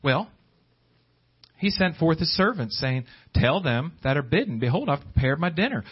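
A man preaching a sermon, swinging between high pleading exclamations and low hushed asides. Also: sing-song, moderate pace, slightly rough. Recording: dull lo-fi recording.

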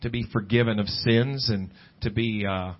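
A man preaching a sermon at a church service, talking conversationally and climbing in pitch when he stresses a point. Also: steady tone, normal speed. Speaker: pastor. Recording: dull lo-fi church recording with faint guitar.

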